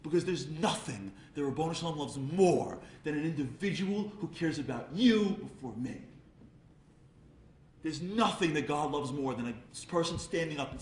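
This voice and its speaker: A man gives a comic storytelling speech at a charity event. He acts out voices and builds to loud peaks. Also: fairly high pitch, animated, moderate pace, roomy sound, slight background noise. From Brooklyn, New York.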